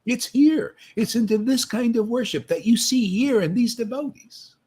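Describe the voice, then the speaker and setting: A man's voice: very high-pitched, moderate pace, darkish tone, slightly rough. A man preaching to a devotee meetup, taunting and confrontational, often ending phrases with "man" and "see?". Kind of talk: impassioned street-style preaching.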